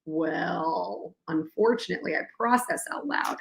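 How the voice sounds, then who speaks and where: A woman's voice: lowish voice, measured pace, creaky, a loud crowd. A young adult woman co-hosting a casual chat and telling stories, acting out the dialogue as she goes. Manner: chatty storyteller, acts out dialogue. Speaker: co-host. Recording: echoey room.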